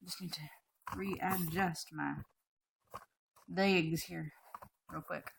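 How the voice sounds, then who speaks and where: Slow, frank woman chatting on a livestream. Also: gravelly, noisy background. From Maryland, USA. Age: 30s. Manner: frank, unhurried, trailing off and correcting herself; switches to high excited baby talk for her pets. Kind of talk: casual livestream chat. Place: at home.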